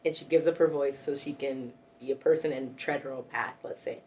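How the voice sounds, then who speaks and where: A woman's voice: extremely low pitch, fairly even intonation, a little fast, a little mellow, a little hiss or hum. A woman co-hosting a podcast in casual banter, playful and laughing often, with encouraging interjections; she also reads out listener questions. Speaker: podcast co-host.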